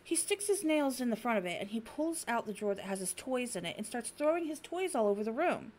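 Give me a blunt middle-aged woman, higher-pitched, chatting casually and acting out stories. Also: fast talker. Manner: blunt, animated storyteller acting out her cat. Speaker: stream co-host. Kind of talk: casual chat.

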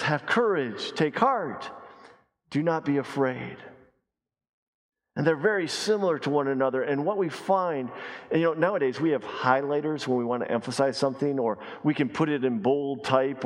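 A man preaching a sermon as pastor, emphatic, repeating key phrases and dropping his voice low and slow to stress a point. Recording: long reverb of a large hall.

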